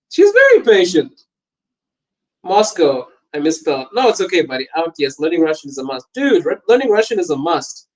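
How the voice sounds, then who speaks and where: Laughing, animated man telling stories. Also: a little high, brisk, rough recording. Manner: animated anecdotes, laughs often. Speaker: podcast host. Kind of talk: casual storytelling chat.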